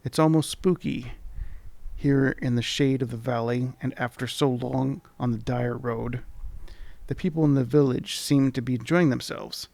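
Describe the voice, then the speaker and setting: A man's voice: mid-range voice, fairly even intonation, moderate pace, vocal fry, a little mellow. A man hosting a let's play, casually reading game text aloud with commentary, often stopping to restart words.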